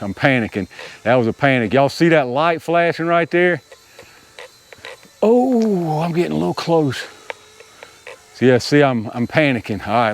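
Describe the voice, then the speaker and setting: Flying a model helicopter in a small open area outdoors, an RC hobby video host keeps up casual commentary for his viewers and laughs at his own moments of panic. His voice is mid-range, with slight background noise.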